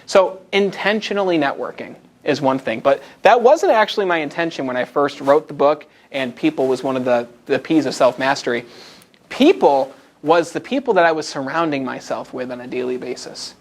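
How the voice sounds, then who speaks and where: An American man speaking live as a motivational speaker to a group in a meeting room. He talks in an energetic, conversational way and draws the audience in. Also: on the high side, normal speed.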